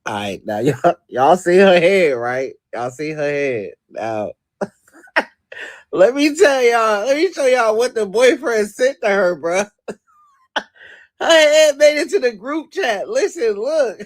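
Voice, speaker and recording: A man with a high, lively voice talks slowly, breaking into laughter as he presents a funny clip. He calls his viewers y'all and bruh in a slangy, teasing way. The recording is dry and close. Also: no room sound. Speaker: comedy video commentator.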